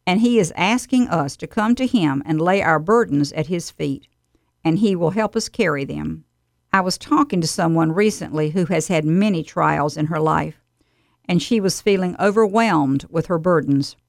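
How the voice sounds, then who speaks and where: A woman delivering a scripted radio devotional in an earnest, steady, exhorting manner. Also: on the low side, normal speed, dry recording, clean studio sound.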